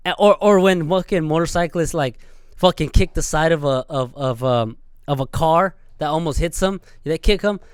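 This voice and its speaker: A young man hosting a podcast, ranting in an animated, profane way and acting out scenes with sudden loud outbursts. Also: fairly high pitch, normal speed, clear, resonant tone, no room sound, clean studio sound. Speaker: podcast host. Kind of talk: profane solo rant.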